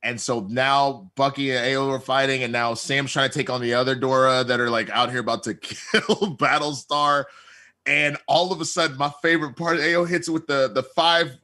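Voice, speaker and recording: Bright-voiced guy recapping an episode, acts out all the lines. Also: medium pitch, steady tone, moderate pace. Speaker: podcast co-host.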